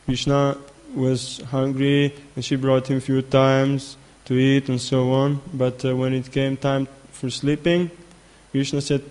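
A man delivers a spiritual sermon, telling a story with frequent restarts and repeated words. His voice sits at an average pitch for a man and barely moves, staying flat and even throughout. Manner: halting, repeats words, many fillers. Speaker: spiritual teacher.

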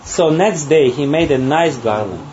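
Laughing, halting man giving a spiritual talk. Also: a little high, expressive, darkish tone. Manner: halting, repeats words, laughs often. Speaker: spiritual teacher. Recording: dull, faint background noise.

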